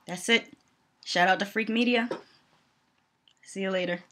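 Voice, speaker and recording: A vlogger, a young adult woman from the Northeastern US, chats about a reality TV show with blunt opinions, many "um"s and lots of laughing. She talks a little slowly in a mid-range, slightly bright voice.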